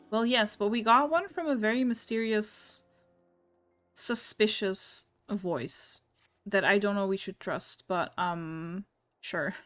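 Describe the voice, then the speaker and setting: A woman's voice: mid-range voice, expressive, slow pace, long pauses. A young woman giving casual commentary while playing a game, blunt and swearing casually, often laughing at herself. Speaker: gaming streamer.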